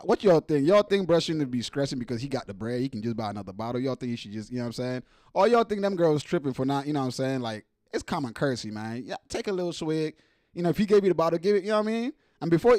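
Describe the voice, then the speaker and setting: A man's voice: fairly high pitch, very animated, racing, darkish tone, no echo, clean studio sound. A man hosting a casual show, reacting to viral clips with lots of slang and laughter and mimicking the people in them.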